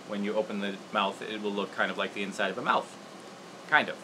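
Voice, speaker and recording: A man's voice: on the low side, quick pace, bright, forceful tone, slight background noise, poor audio. A man hosting a casual livestream puppet-making tutorial, rambling and laughing at himself as he works. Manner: rambling, laughing, self-deprecating. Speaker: puppeteer host.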